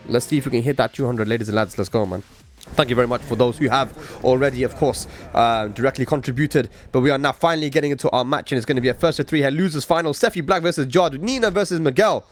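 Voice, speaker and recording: A man commentating a fighting-game tournament stream in casual, slangy banter. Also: medium pitch. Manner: laid-back, slangy banter.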